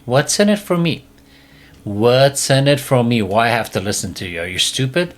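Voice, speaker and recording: A man's voice: mid-range voice, lively intonation, moderate pace, close to an everyday voice. A man voicing a cheeky, defiant pet dog that mocks and ignores its owner. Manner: mocking, dismissive.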